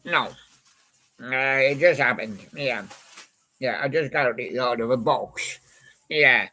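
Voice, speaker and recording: A man's voice: mid-range voice, slow pace, bright, forceful tone. A man in a rambling, casual monologue, reminiscing about old songs and chatting to a toy badger. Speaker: channel host.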